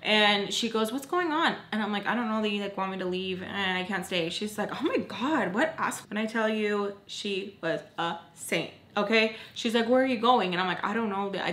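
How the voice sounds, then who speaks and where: A woman's voice: medium pitch, roomy sound. A young woman telling a dramatic storytime, acting out scared quotes and talking with many fillers. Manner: animated, acts out scared quotes, many likes. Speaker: storytime vlogger. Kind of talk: storytime vlog while doing makeup.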